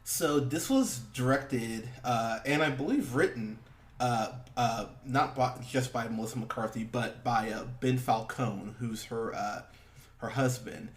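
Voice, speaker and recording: A man's voice: mid-range voice, measured pace. A man hosting a casual movie review podcast, rambling with lots of fillers, laughing and swearing as he talks. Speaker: podcast host.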